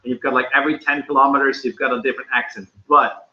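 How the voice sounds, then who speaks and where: A man's voice: steady tone, fast talker, pushed and bright. A young man with a Dutch accent, chatting casually and laughing as he hosts a livestream and reads the chat aloud. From Netherlands. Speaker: vlogger hosting a livestream. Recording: echoey room, dull low-fi sound.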